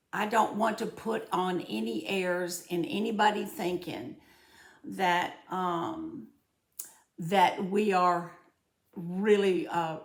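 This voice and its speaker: A woman's voice: on the low side, echoey room. A woman with a Southern accent hosting her own channel, chatting heartfelt and folksy to her viewers. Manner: folksy, heartfelt, often says y'all. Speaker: host of a home budgeting channel. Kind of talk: casual chat to viewers.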